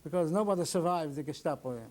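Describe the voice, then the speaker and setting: Older man survivor in oral history testimony, somewhat high voice, halting, plain storytelling. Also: darkish tone. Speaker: Holocaust survivor interviewee.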